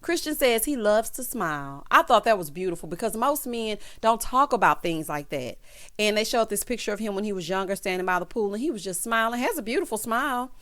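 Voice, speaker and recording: A woman's voice: medium pitch, lively intonation, a little fast, fairly bright tone. A young woman hosting a casual reality show recap, sassy and chatty, calling viewers honey and child. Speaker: YouTube recap host.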